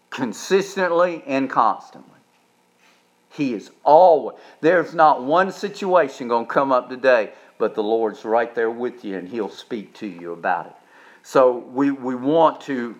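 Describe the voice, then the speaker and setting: A man, preaching a sermon as pastor, repeating words and building to emphatic peaks. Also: medium pitch. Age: 70s. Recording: dull lo-fi sound.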